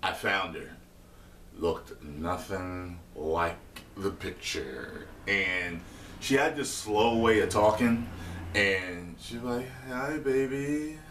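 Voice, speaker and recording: Deep-voiced man telling a casual story. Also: slow pace, a bit bright, a little hiss or hum. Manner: loose, slangy, swearing, laughing. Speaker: vlogger. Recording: echoey room, mic far off.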